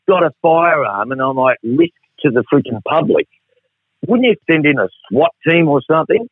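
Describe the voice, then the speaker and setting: In a slightly high, sing-song voice at normal speed, a middle-aged Australian man tells a wandering, swear-laden, wry story as a radio guest. The tinny phone line is dry, with no room sound.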